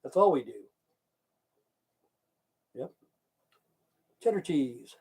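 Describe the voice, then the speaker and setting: A man's voice: on the high side, animated, drawn-out words, a little mellow, husky. A man from Idaho hosting a live stream, chatting casually, swearing often and answering viewers' chat messages aloud. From Idaho, USA.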